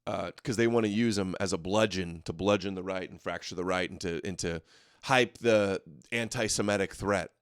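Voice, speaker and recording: Male host, live commentary; mocking and combative, smooth resonant voice, dry close mic. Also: sits low, normal speed, dry recording.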